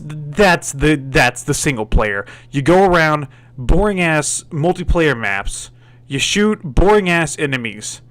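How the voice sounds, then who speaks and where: A man's voice: medium pitch, fairly bright tone. A man doing a game review voice-over, swearing a lot and stumbling over his words as he complains. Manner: profane and exasperated, stammers and restarts.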